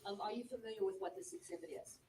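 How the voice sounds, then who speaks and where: A woman's voice: fairly high pitch, fairly even intonation, racing, dark tone, a little hiss or hum. A woman prosecutor formally questioning a witness and introducing evidence in a courtroom. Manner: formal, procedural. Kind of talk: courtroom examination.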